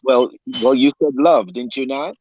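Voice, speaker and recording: A man in his fifties, a pastor and coach, speaking earnestly in a halting way on a call. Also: mid-range voice, darkish tone, husky, no echo, rough recording. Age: 50s. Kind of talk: casual video call chat.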